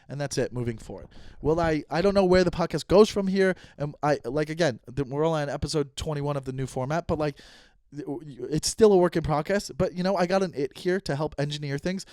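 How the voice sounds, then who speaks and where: Male comic podcaster, high-pitched, cursing, worked up, dry close mic. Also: clear, resonant tone, dry recording. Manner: profane, heated ranting, swings loud to muttered. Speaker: comedian podcast host. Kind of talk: solo podcast rant. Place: Los Angeles.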